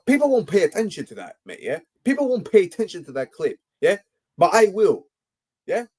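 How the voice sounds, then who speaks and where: Heated young lad on a livestream, kinda high voice, keeps going "yeah? mate". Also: male voice, a little mellow, husky. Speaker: football livestream host. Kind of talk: ranting live stream chat.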